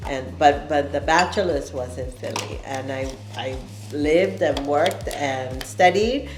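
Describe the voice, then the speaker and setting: Host, woman from Panama, slow reflective chat, lowish voice, echoey kitchen with faint music. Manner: slow, reflective, stops to restart. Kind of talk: casual kitchen-table chat.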